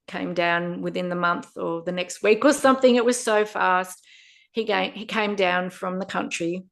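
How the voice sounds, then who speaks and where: A woman, a podcast guest telling her own story in a lively way with frequent laughter. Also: lowish voice, gravelly. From Australia. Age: 50s. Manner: animated, laughs often while telling a story. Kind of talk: personal storytelling interview.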